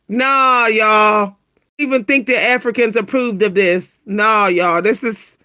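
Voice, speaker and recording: A woman hosting a casual livestream, talking to her viewers, laughing often and exclaiming in a high squeal. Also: takes it slowly. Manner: animated, keeps exclaiming "what?" in a high squeal; laughs between remarks, talks to viewers as "y'all". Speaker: livestream host reacting to pictures.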